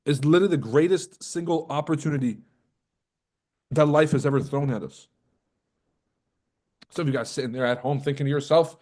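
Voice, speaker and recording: A man's voice: a little high, brisk, long pauses, a little mellow. Profane joking man hosting a livestream. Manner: profane, joking, roasting viewers. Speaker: trading coach and livestream host. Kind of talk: casual livestream chat.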